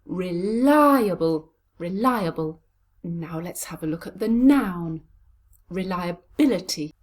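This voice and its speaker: A woman coaching pronunciation, breaking words into syllables and sounds and saying them slowly and deliberately. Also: on the low side, lively intonation, a little mellow. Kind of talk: pronunciation lesson.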